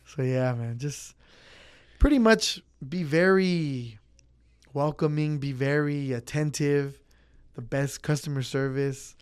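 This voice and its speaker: A man's voice: mid-range voice, unhurried, clean tone. A young man in the service trade, talking casually in an interview and acting out chats with customers. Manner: easygoing, acts out customer chats. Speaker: pizza place worker.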